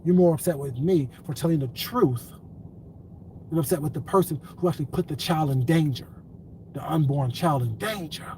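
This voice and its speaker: A high-voiced man rants straight to his viewers, swearing freely and hammering the same point over and over. A faint hiss of background noise sits under the voice. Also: moderate pace, dark tone, rough recording. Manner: profane, repetitive, confrontational. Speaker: commentary vlogger. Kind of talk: ranting commentary vlog.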